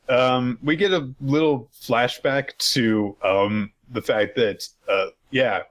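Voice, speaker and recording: Low-ish guy rambling through a recap on a podcast, lots of ums, swears for fun. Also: a bit bright. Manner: loose and rambling, many fillers, jokey profanity. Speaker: podcast co-host. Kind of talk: casual recap chat.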